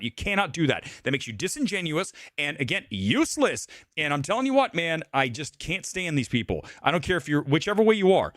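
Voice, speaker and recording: Animated Gen X man ranting on a livestream. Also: on the high side, brisk, few pauses, dry recording, studio quality. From Ohio, USA. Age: middle-aged. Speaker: movie talk livestream host. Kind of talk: casual livestream rant.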